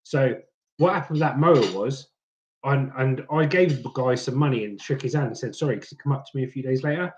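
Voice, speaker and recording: A man's voice: medium pitch, a little fast, darkish tone. Chatty man on a lo-fi stream. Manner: chatty storyteller, slips into mock accents. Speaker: livestream host reading chat. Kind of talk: casual chat.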